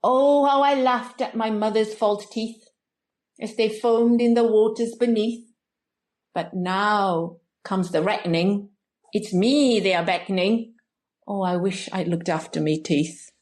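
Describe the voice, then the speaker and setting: A woman's voice: mid-range voice, a little slow, a little mellow, reverberant, lightly acted. A woman reciting a comic poem as a rueful older person from the West Country, putting on an attempted West Country accent with a sing-song rhyming delivery.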